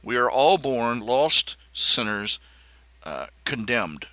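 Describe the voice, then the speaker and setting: A man hosting a casual livestream while drawing, speaking in a rambling, halting way with many fillers and restarts, opinionated and sardonic. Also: mid-range voice, big pitch swings, bright, forceful tone, no room sound. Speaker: livestream host.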